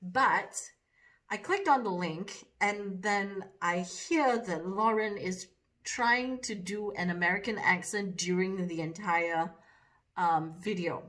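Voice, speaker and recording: A woman's voice: medium pitch, a bit bright. A woman makeup vlogger chatting casually to camera in a chatty, self-deprecating way. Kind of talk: casual vlog chat.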